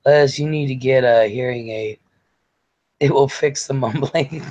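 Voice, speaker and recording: A man with a middle-pitched voice hosts a loose live-stream chat. He rambles, jokes and reads viewer comments aloud in an easygoing, offhand way. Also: measured pace, a little mellow, highs cut off. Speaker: show host.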